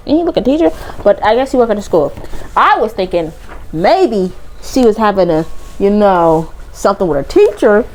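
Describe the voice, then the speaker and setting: A woman's voice: mid-range voice, a little mellow, poor audio. Blunt, slangy woman gaming vlogger. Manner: slangy, blunt, swears freely. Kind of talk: casual let's-play commentary.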